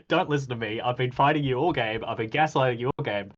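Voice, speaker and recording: A man in a casual chat, recounting a game in an animated way, acting out quoted exchanges with plenty of ums. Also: mid-range voice, brisk, lo-fi sound. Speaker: podcast host reviewing a game.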